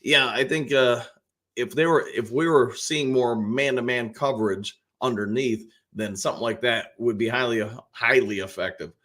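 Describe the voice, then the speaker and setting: An upbeat male host of a live football talk stream, with a voice of ordinary pitch. He reads out viewers' comments and answers them in a loose, rambling way, full of fillers and restarts. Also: moderate pace, fairly bright tone. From Detroit area. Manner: greets viewers by name, upbeat. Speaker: live show host reading chat comments. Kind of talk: casual football talk livestream.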